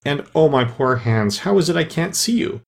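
A man playing a polite, worried little girl in a storybook. The voice rises high and pleads in an earnest, plaintive way. A gravelly edge runs under the lifted tone. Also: expressive, moderate pace.

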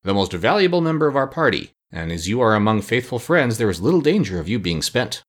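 A lecturing, self-important storybook bug put on by a husky man reader. The voice sits higher than the reader's own low tone and rises and falls with flourish. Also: very animated, fast. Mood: impressive. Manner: impressive, formal speech. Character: educated insect, male, pompous and lecturing. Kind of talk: storybook reading.

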